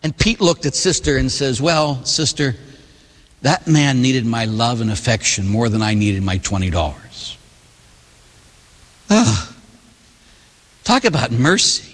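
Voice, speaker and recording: A man's voice: medium pitch, animated, measured pace, long pauses, a bit bright. Male priest, middle-aged, rambling storytelling sermon, long church reverb. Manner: rambling storyteller, laughs at his own anecdotes. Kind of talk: sermon with personal stories.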